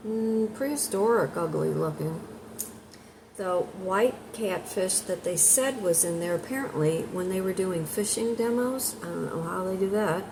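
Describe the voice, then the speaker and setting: A woman with a somewhat low voice chats her way through a meandering story, one tangent leading to the next. Clear noise hangs under the recording the whole time. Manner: rambling, chatty storyteller. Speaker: content creator. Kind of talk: casual storytelling vlog. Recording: noisy background hiss.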